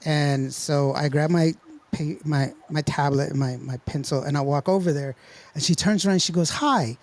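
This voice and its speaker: A man's voice: on the high side, fairly even intonation, normal speed, darkish tone. Joking Texan man with a raised voice. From Texas. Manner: joking, laughs often, storytelling. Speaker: host. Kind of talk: casual chat.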